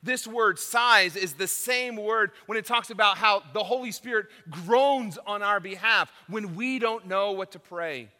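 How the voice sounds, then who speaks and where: A male pastor with a high, bright, ringing voice delivers an emphatic sermon. He swings from hushed, intimate lines to loud declarations. The sound carries the long reverb of a large church hall. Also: measured pace, few pauses.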